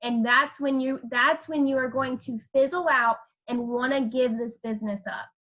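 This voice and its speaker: A woman's voice: high-pitched, steady tone, normal speed, fairly bright tone. A woman coaching her team on a group call, emphatic and stressing points with a repeated "okay?". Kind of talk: coaching talk.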